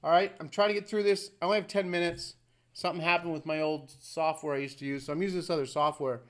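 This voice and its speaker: High-voiced man rambling to camera. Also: steady tone, fast talker. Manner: rambling, conversational, fond of asides. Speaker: video host. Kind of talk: casual commentary to camera.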